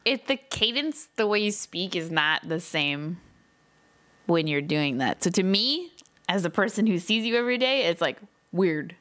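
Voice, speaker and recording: A woman's voice: lowish voice, animated, normal speed, a bit bright. A woman co-hosting a podcast, chatting casually with lots of filler words and frequent laughs. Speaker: podcast co-host. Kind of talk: casual chat. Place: Seattle area.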